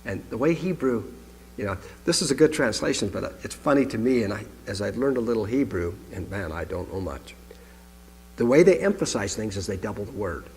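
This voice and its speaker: A pastor delivers a conversational sermon to his congregation in a hall, reading scripture aloud and adding asides of his own. His voice is lowish, darkish, and expressive, and he speaks fairly quickly. The recording has long hall reverb and slight background noise.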